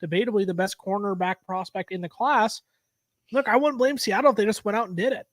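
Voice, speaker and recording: A man's voice: high voice, brisk, no room sound, studio quality. A man co-hosting a podcast, calling out draft picks with energy in a casual chat. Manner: energetic, play-by-play announcing the picks. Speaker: podcast co-host.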